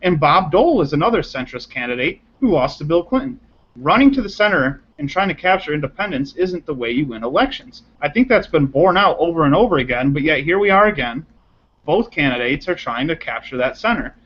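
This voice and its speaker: A man's voice: on the high side, big pitch swings, fairly quick, a bit bright, breathy edge, lo-fi sound. A man arguing his case in a political panel discussion, driving points home by repeating them. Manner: argumentative, repeats points for emphasis.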